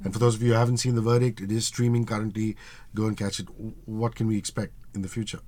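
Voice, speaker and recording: A man's voice: fairly low pitch, level tone, fast talker, mellow. A man hosting a radio interview, asking playful, teasing questions. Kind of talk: casual interview chat.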